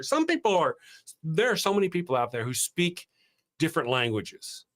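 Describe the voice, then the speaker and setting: A man with a Southern US accent hosts a casual morning chat, voice pitched a little high. He tells stories in a lively, swooping way, laughing at himself often. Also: moderate pace. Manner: animated, laughing, self-deprecating storyteller. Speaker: show host.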